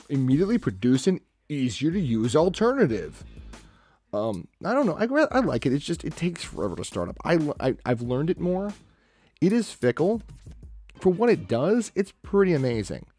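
An artist livestreaming his drawing has a warm, medium-pitched voice. He chats easily with his stream, wandering off on tangents and muttering to himself mid-work.

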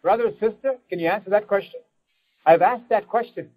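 A man's voice: sits high, brisk, darkish tone, husky, rough recording. A man preaching a fervent sermon as pastor, breaking into prayer addressed to God.

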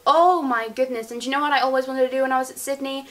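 A woman's voice: high voice, fairly even intonation, rapid-fire, fairly bright tone. A young woman chatting casually as a vlogger, giggling and rambling as she answers viewer questions. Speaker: beauty vlogger. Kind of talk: casual Q&A chat.

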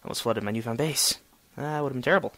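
A man's voice: medium pitch, quick pace, fairly bright tone, no room sound. A young man giving solo gameplay commentary, chatty and sarcastic, talking to the objects he digs at. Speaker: gamer.

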